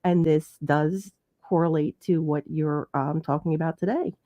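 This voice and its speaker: A woman's voice: sits low, fairly even intonation, moderate pace, dark tone, lo-fi sound. A woman hosting an interview, speaking casually and hesitantly, with frequent fillers. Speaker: interview host.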